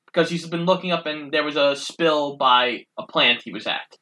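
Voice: medium pitch, normal speed, hardly any pauses, pushed and bright, low-quality recording. A co-host of a casual film review podcast, steadily recapping the plot with easy asides. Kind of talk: casual chat.

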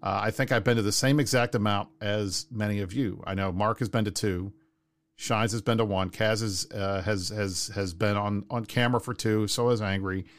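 A man hosting a casual talk show, relaxed and steering the conversation. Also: on the low side, moderate pace. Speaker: host. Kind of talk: casual chat.

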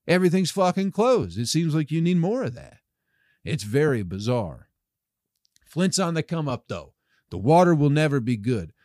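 A man's voice: medium pitch, darkish tone, no echo, studio quality. A man hosting a comedy podcast alone, rambling sarcastically with lots of swearing and mock-salesman patter.

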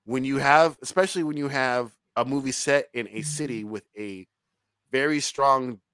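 A man co-hosting a casual film review podcast, talking in an animated, profane way and laughing often. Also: medium pitch, moderate pace, smooth, dry recording.

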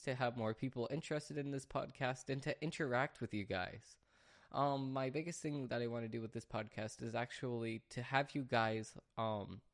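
This is a man hosting his own podcast from a home studio. He talks in a loose, rambling monologue, full of restarts and little detours before he finds his point again. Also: mid-range voice. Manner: rambling, chatty, restarts and sidetracks. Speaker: podcast host. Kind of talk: casual solo podcast monologue.

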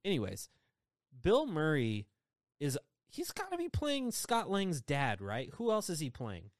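Excitable male podcast host. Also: a little high, no room sound, studio quality. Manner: quick, excitable, laughs often. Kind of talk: casual chat about entertainment news.

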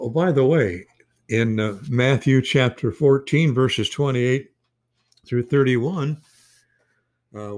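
Man, Bible teacher, folksy and emphatic, casual talk, mid-pitched voice. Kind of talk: casual Bible study conversation.

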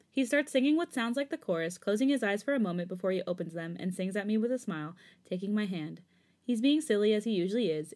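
A woman co-hosting a podcast, reading fan fiction aloud and chatting casually, giggling and dropping into hushed asides. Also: mid-range voice. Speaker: podcast co-host.

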